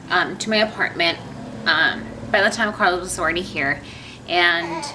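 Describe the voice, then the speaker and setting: A woman's voice: fairly low pitch, moderate pace, noisy background. A young woman telling a personal story to her camera at home, chatty and rambling with many fillers and asides. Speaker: vlogger.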